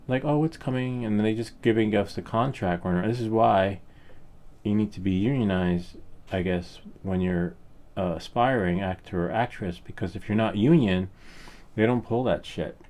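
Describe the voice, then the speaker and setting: A man's voice: on the low side, moderate pace, darkish tone. A middle-aged man hosting a hobby painting channel, telling a rambling, candid story in a casual way with the odd curse word. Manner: rambling, candid, occasional swearing.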